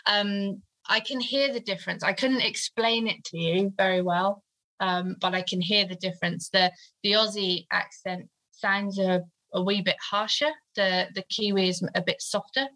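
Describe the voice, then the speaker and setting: A woman's voice: mid-range voice, fairly even intonation, normal speed, bright, forceful tone, low-quality recording. A woman in her thirties, a guest in an interview, talking hesitantly with many fillers. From United Kingdom. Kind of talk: conversational interview.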